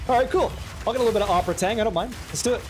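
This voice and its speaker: A man streaming a game live, excitable and profane as he banters with his chat. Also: sits high, very fast, slight background noise. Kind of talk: live gameplay commentary chatting with viewers.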